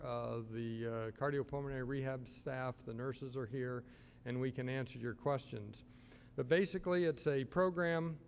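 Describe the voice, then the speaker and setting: A man who is a physician, making closing announcements at a public health talk in a halting way, with many uhs. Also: fairly high pitch, slight background noise. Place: school auditorium. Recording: reverberant auditorium sound.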